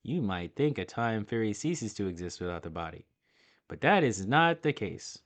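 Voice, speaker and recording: A man voicing a small, selfless male time fairy in a game, reading in a soft, calm way close to his own voice. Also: fairly low pitch, normal speed. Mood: gentle.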